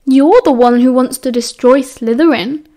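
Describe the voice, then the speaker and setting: A woman's voice: high voice, dark tone, lightly acted. A woman with a British accent voicing a cheerful, bossy teenage schoolboy who chivvies his friends along. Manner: brisk, chivvying.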